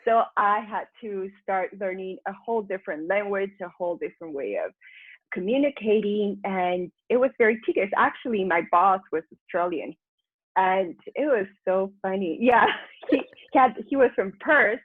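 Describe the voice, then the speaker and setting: A woman with a husky, breathy voice tells her story chattily on a remote call, quick to laugh and voicing her own old thoughts aloud. The sound is thin and phone-like, bone dry with no room around it. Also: medium pitch, lively intonation, dry recording. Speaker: guest, personal transformation mentor. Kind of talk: candid storytelling interview.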